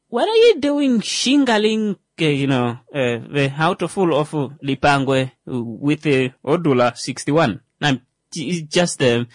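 A man with a Namibian accent hosts his own commentary show. He reads a news article aloud, stumbles over the words and drops joking asides. His voice is a touch higher than most men's and sounds close and dry. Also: no room sound. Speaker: show host.

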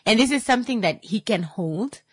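A woman's voice: on the high side, animated, a little fast, husky, dry recording, clean studio sound. A young woman vlogger giving a blunt, exasperated monologue about bad manners, firing off rhetorical questions. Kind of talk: casual opinion monologue.

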